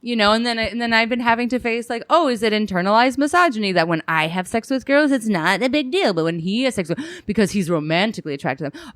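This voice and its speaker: Animated, self-mocking woman comedian. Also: fairly high pitch, quick pace, no room sound. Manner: animated storytelling with acted quotes and laughs. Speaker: guest comedian. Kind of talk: casual podcast chat.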